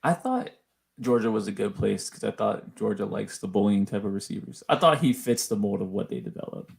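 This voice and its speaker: A man's voice: on the low side, expressive, fairly quick, vocal fry. A man co-hosting a casual sports podcast, enthusiastic and analytical, with many fillers. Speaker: podcast co-host.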